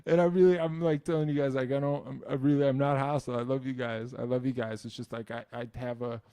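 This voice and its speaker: A man's voice: medium pitch, fast, clear, resonant tone, no echo, clean studio sound. A young man from New Jersey hosting a musician's Q&A, talking casually with lots of swearing, restarts and self-mocking asides. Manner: profane, animated, self-mocking, many restarts. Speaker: musician YouTube host. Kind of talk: casual Q&A chat.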